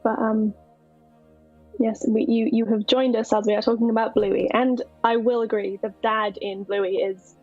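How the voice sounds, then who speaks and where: A woman chatting casually on a game dev live stream, telling stories in an animated way with quick laughs. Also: on the high side, no room sound, highs cut off, soft background music.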